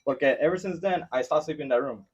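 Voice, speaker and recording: A man talks quickly as a podcast guest, telling his story with a loose, profane energy. His voice comes through a dull, lo-fi recording. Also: fairly high pitch, breathy edge, recorded from a distance. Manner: fast, animated, profane storytelling. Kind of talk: casual chat. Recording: dull lo-fi sound.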